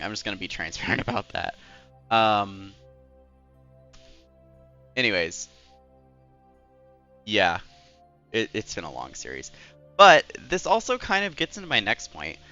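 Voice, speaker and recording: Young male streamer, low and smooth, resonant voice, rambling and filler-heavy. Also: pushed and bright, lo-fi sound. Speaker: game streamer. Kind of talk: casual live-stream chat.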